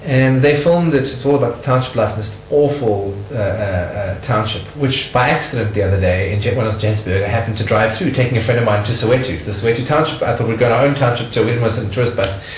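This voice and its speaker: A man's voice: medium pitch, fast, hardly any pauses. South african guy, middle aged, chatty storyteller, echoey room, bit of hum. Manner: animated storyteller, laughing often. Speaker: interviewee. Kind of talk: casual interview chat.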